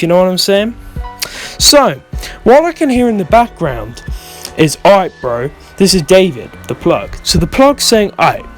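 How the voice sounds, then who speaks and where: A young man telling a rambling, swear-filled storytime in a vlog, often losing his thread. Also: a little high. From United Kingdom. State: stoned. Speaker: vlogger.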